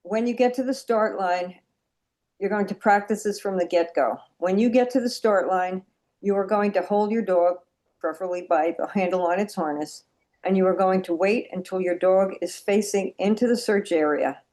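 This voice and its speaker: A woman's voice: mid-range voice, normal speed, a little mellow. A woman teaching a dog nose work class over a video call, chatty and repeating her points for emphasis.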